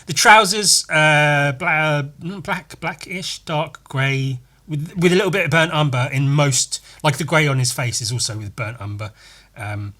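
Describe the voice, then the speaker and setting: A man's voice: fairly high pitch, measured pace, bright, forceful tone. A man giving casual, rambling commentary over painting footage, swearing now and then and joking at his own expense. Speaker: miniature painter.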